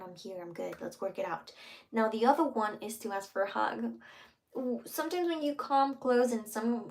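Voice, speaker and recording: A woman giving casual relationship advice, earnest, sometimes acting out soft whispered example lines. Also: medium pitch. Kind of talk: casual advice talk to camera.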